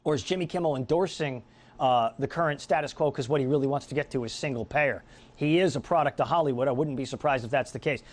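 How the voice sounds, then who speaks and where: A man's voice: mid-range voice, quick pace. A middle-aged man hosting a political talk radio show, delivering a combative, sarcastic monologue.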